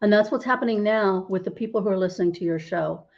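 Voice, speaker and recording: A woman's voice: mid-range voice, quick pace, lo-fi sound. A middle-aged woman, a holistic healer, explaining as a podcast interview guest and often asking "right?" to check in. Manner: explanatory, tags lines with "right?".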